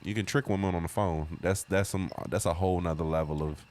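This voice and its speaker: A man's voice: sits low, steady tone, a little fast, a little mellow. A young man co-hosting a podcast, bantering in loose, profane slang and dropping into put-on voices. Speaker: podcast co-host. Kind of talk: casual comedic chat.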